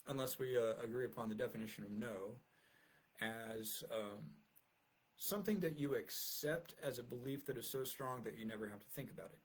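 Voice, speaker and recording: A man's voice: medium pitch, normal speed, slightly rough, low-quality recording. A man talking casually to his viewers, rambling and self-deprecating with many fillers, and reading his own essay aloud.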